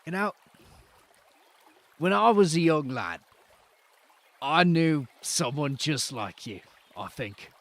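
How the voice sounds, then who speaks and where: Brief: man playing a rambling British-accented camper, suspicious and chatty, lively pitch, drawn out and slow. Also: full character voice. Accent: put-on British-style accent. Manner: rambling, repeats himself, drops words. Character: rowdy male roadside camper, chatty and suspicious.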